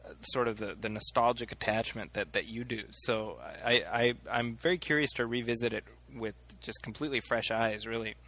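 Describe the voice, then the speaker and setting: Man, bright tense voice, teasing banter, podcast co-host. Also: medium pitch, steady tone, fairly quick. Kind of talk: casual chat.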